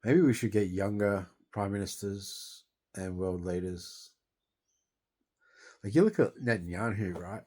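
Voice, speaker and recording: A man's voice: fairly low pitch, unhurried, dark tone. Sweary Australian man venting. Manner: sweary, rambling, agitated. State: grieving, distressed. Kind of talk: angry venting monologue.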